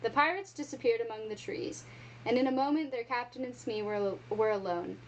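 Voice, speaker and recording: A woman reading a children's storybook aloud with expressive, animated storytelling. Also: fairly high pitch, fairly quick, a little hiss or hum, rough recording. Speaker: reader.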